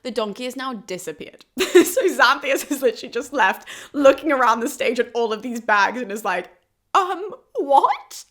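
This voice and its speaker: A woman host retelling an ancient comedy in a casual, animated way, laughing often as she goes. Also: a little high, brisk, few pauses.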